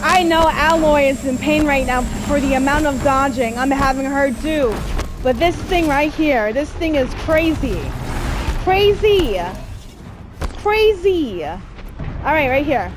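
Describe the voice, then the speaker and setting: A woman giving excitable let's-play commentary while gaming, squealing and cheering through the fights. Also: high voice, a little slow, background noise. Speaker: gamer playing a video game. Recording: game music playing behind the voice.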